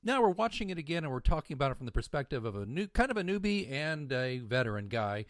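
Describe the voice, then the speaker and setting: A man's voice: a little high, big pitch swings, fast, dry recording, clean studio sound. A man co-hosting a fan podcast, talking casually and rambling upbeat about the show and its merchandise. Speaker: podcast co-host.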